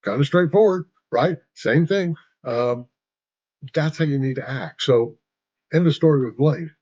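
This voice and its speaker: A man's voice: on the high side, a little slow, a little mellow, dry recording. Guy in his sixties telling a coaching story, chatty, keeps saying right, dry dull recording. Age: 60s. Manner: conversational, tag questions, quotes dialogue. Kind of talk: storytelling talk.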